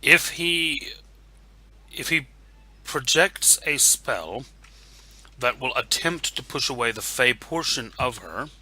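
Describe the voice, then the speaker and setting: A man playing in a tabletop role-playing game, halting and restarting as he explains his ideas. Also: mid-range voice, expressive, sharp tone, poor audio. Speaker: player. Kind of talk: casual tabletop game talk.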